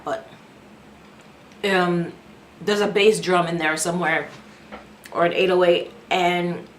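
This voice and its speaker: A woman giving a casual reaction review of an album, candid and chatty, thinking out loud as she goes. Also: lowish voice, slight background noise. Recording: echoey room with music playing.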